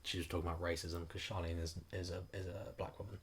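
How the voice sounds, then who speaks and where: A man's voice: sits low, level tone, fast, a little hiss or hum. A man co-hosting a podcast, rambling through a story in casual chat with lots of fillers. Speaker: podcast co-host.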